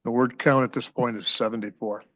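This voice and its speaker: A man chairing a public state board meeting, reading figures aloud in a measured, formal way and inviting speakers forward. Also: mid-range voice, steady tone, a bit bright. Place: government hearing room.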